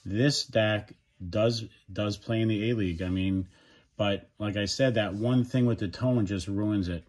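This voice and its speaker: A man's voice: lowish voice, steady tone, unhurried, a little mellow. A man giving a casual, frank product review, talking freely and often restarting or correcting himself mid-sentence. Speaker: audio gear reviewer.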